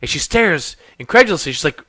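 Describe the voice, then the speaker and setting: A man's voice: medium pitch, animated, measured pace, sharp tone, no room sound. A man narrating a tabletop game as game master, describing scenes with many ums and uhs.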